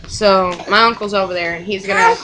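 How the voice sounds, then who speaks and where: A woman's voice: mid-range voice, fairly even intonation, fairly quick, noisy background. A young mother telling a personal story in casual chat, rambling and frank, with swearing and short laughs.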